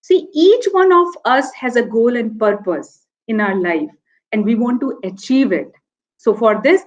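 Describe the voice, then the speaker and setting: A woman's voice: high voice, muffled recording. A woman professor giving an earnest, explanatory lecture to students. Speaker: university professor.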